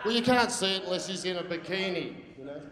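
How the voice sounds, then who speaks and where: Brash Australian comedian in an echoey hall. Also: male voice, high-pitched, expressive, quick pace. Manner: brash, teasing the crowd. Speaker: stand-up comedian. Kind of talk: crude stand-up routine. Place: large function hall. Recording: echoey hall, loud crowd.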